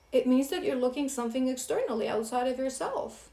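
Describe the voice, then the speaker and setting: A woman's voice: on the high side, a little fast, darkish tone, echoey room. A woman doing a spiritual tarot reading for her viewers, earnest and scolding by turns, with emotional asides. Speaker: tarot reader.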